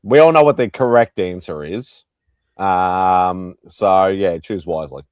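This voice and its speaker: Aussie guy hosting a stream chat, lowish voice, jokey, rambles a bit. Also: unhurried, darkish tone, clear, resonant tone, dry recording. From Australia. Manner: joking, rambling, laughs often. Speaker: host. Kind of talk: casual chat on a livestream panel.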